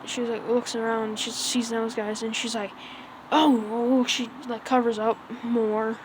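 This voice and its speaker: Woman, fan recapping a story, loose casual delivery, rambling with filler words, voice sits a touch high. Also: little pitch movement, a little slow, background noise. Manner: rambling, full of "like" and "so yeah". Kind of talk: casual retelling.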